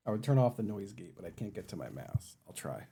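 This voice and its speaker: A young man streaming a game from home at a desk mic, chatting casually and cooing at his cats in a high baby voice. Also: very animated, quick pace, gravelly, mellow, a little hiss or hum. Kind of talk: casual live-stream chat. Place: home room. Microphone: desk microphone.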